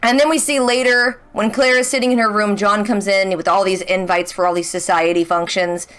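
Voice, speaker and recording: A young woman chatting casually as she recaps a TV episode. She is excitable, full of "like" and rhetorical questions. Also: medium pitch, a little fast. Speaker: reaction channel host.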